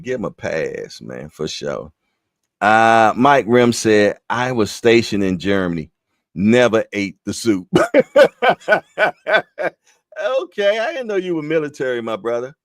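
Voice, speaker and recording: Slow, lively-voiced man hosting boxing chat. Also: lowish voice, dry recording, clean studio sound. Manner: laid-back slangy banter. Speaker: boxing news show host. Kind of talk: casual live-stream chat.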